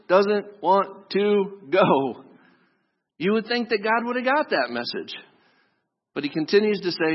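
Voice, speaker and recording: A man's voice: high-pitched, very animated, a little slow, pauses often. A man preaching a sermon in a casual, joking way, talking straight to his listeners. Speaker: pastor. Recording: dull lo-fi sound with long hall reverb.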